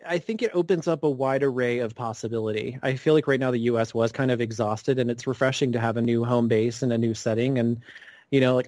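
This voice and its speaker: A man's voice: mid-range voice, a little mellow, dry recording. A man co-hosting a podcast in casual chat, rambling and often restarting his sentences. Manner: rambling, self-correcting with many restarts. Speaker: podcast co-host.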